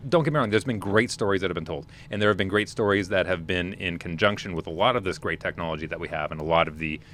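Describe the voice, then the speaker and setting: Man, 40s, podcast co-host, rambling opinions, many restarts, low voice. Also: quick pace, fairly bright tone, slight background noise. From Manitoba, Canada. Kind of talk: casual conversational podcast.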